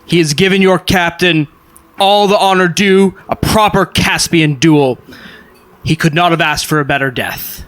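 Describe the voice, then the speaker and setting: A man voicing a boisterous, theatrical man who loudly and grandly praises a duel in a tabletop game. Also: a little high, unhurried, pitched above the performer's own voice. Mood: exuberant. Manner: loud, grandiose, effusive praise.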